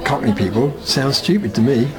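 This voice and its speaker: A man's voice: mid-range voice, expressive, fairly quick. An older man with a Devon accent giving frank, opinionated views in a street interview. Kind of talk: casual vox pop. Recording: crowd noise behind.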